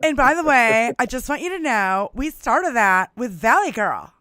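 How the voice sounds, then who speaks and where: Woman, podcast co-host, casual profane chat, blunt, mocking, high-ish voice, dry close sound. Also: very animated, moderate pace, pushed and bright, no room sound. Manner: blunt, mocking, swears freely.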